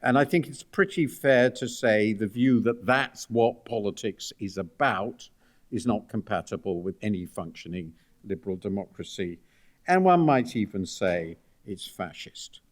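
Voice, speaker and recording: A man's voice: on the low side, animated, a little slow. An older man giving a book talk at a university, speaking with dry, ironic asides and frequent hesitations. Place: university lecture room.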